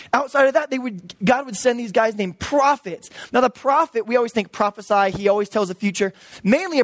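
A preacher giving a sermon, an animated storyteller who jokes with the congregation and acts out the voices in the story. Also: medium pitch, no echo. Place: church service.

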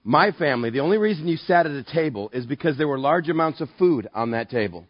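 A man's voice: lively intonation, dry recording, dull audio. A man preaching as a pastor, telling self-deprecating stories and acting out both sides of conversations, from Southern California. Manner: self-deprecating, acts out dialogue with quick pitch jumps. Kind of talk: conversational sermon with storytelling.

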